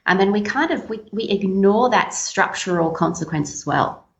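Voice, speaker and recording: A woman speaking as a guest, explaining social dynamics in a measured, analytical way. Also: mid-range voice, animated, echoey room, highs cut off. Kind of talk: analytical commentary.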